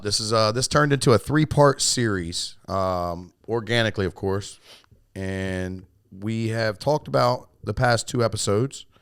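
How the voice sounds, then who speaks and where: A man with a low voice hosts a casual podcast. He talks loosely and swears, restarts his sentences often, and now and then bursts out louder when he gets worked up. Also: creaky, clear, resonant tone, dry recording, clean studio sound. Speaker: podcast host and coach.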